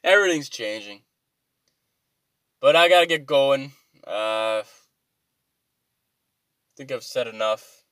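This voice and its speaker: A man's voice: medium pitch, expressive, slow pace, pauses often, fairly bright tone, smooth, no room sound. A man rambling through an exasperated, profane comic rant to his viewers, swearing freely as he complains. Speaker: vlogger.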